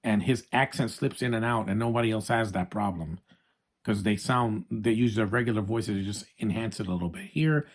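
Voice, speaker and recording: A man's voice: on the low side, a little fast. A man giving a casual, opinionated movie review, talking straight to his viewers with frequent restarts.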